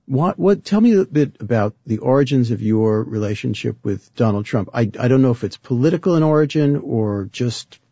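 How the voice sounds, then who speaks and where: A man's voice: medium pitch, expressive, normal speed, hardly any pauses, warm tone, slightly rough, no echo, lo-fi sound. A man hosting a long-form interview, pressing his guest with probing follow-up questions.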